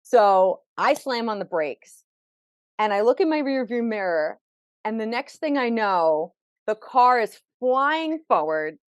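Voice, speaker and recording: A woman's voice: a little high, sing-song, slow pace, smooth, no room sound. A woman who is a podcast guest, telling her life story vividly with quoted dialogue. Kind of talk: personal storytelling in an interview.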